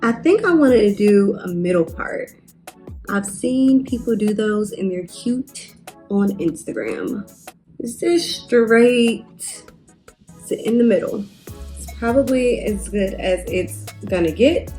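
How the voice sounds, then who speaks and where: A woman's voice: mid-range voice, expressive, slow, dark tone, soft background music. A young woman chatting casually to camera while doing her hair, rambling with fillers and asides. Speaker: beauty vlogger.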